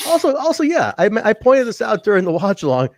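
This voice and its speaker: A man co-hosting a casual wrestling review podcast, animated and joking, often laughing and swearing. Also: high-pitched, fairly quick, no echo, clean studio sound. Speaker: podcast co-host.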